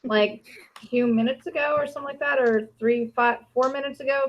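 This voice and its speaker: Chatty Canadian woman in her 30s hosting a live-stream chat, high voice, quick to laugh. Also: steady tone, muffled recording. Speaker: podcast host.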